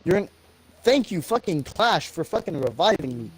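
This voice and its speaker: Fairly high-voiced, foul-mouthed man gaming. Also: very animated, slightly rough, low-quality recording. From American South. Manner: swears a lot, gets heated at teammates; gets tongue-tied, pauses and restarts. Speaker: gamer on a live stream. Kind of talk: casual chat while gaming.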